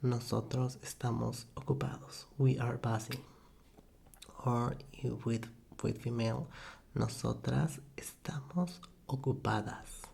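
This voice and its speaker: Slow, gravelly soft-spoken man. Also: mid-range voice, steady tone. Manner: halting, self-correcting, with soft laughs. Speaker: ASMR language tutor. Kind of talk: soft-spoken ASMR lesson. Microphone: USB desk microphone.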